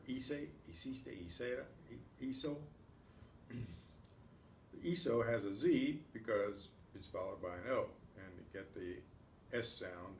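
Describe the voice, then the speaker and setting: A man's voice: medium pitch, a little hiss or hum. A man teaching an advanced Spanish class, patiently explaining grammar and reciting verb forms one by one in drills. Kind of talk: classroom lesson. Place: community class room. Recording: roomy echo, faint ambience.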